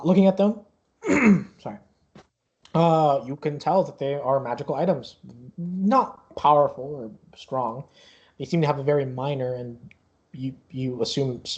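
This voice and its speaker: A young man narrates a tabletop game as game master, looping through fillers and restarts in a plain, mid-pitched voice. The sound is dull and lo-fi, like an online call. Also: a little mellow. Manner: rambling, many fillers and restarts.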